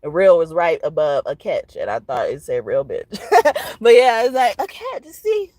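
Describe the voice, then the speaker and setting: A woman's voice: on the low side, very animated, unhurried, darkish tone, no echo. A woman giving a casual tarot reading. She talks bluntly, swears freely, laughs often and ends most lines with "okay?". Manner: blunt and profane, tags most phrases with "okay?"; laughs often between points. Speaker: tarot reader.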